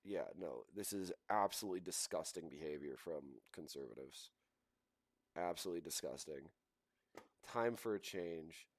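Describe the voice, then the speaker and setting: A man's voice: low voice, animated, moderate pace, dry recording. A man hosting a livestream, reacting to posts with indignant commentary. He repeats himself and laughs scornfully. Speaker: livestream host.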